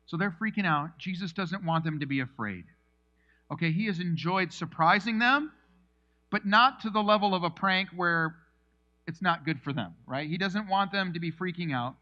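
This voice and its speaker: A male pastor preaching a sermon, telling the story with animated energy and acting out the scenes. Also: sits high, normal speed, dull audio.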